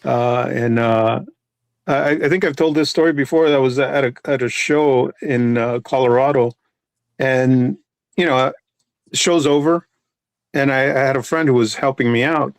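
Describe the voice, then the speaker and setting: A comic artist talking in a casual podcast chat, rambling with many restarts and fillers. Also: male voice, mid-range voice, fairly even intonation, normal speed, clean tone, dry recording.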